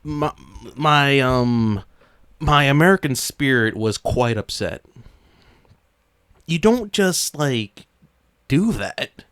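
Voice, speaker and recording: A man's voice: medium pitch, slow pace, pauses often, clean tone, no echo, clean studio sound. A young man co-hosting a podcast in casual chat, swearing often and rambling with many restarts. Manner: swears a lot, rants loudly then calms into rambling. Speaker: podcast co-host.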